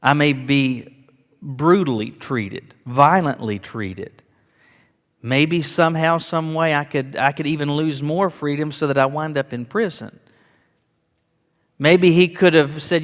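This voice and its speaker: A man's voice: on the high side, slow pace. Earnest male pastor preaching in a hall. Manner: earnest, rises to emphatic declarations, repeats words. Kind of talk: sermon.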